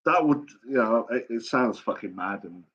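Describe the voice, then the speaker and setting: A man's voice: mid-range voice, animated, normal speed, fairly bright tone, husky, highs cut off. A middle-aged man hosting a late-night live chat, telling stories in a rambling, blunt way with constant swearing. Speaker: live stream host.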